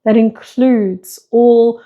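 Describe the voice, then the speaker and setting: A woman's voice: a little high, steady tone, drawn-out words, highs cut off. A woman speaking as a spiritual teacher and breathwork facilitator, delivering a flowing monologue full of repeated rhetorical questions.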